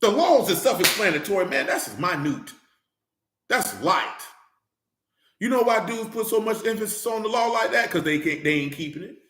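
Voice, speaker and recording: High-voiced guy preaching loose and fired up, lots of slang and repeated questions, roomy echo. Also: big pitch swings, moderate pace, fairly bright tone. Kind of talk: informal sermon and Bible teaching.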